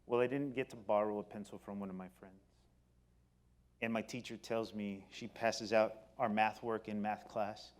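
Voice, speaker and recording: A middle-aged man giving a personal storytelling talk on stage, animated, moving between loud excited bursts and quiet low passages. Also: normal speed. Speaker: company speaker. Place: stage before an audience.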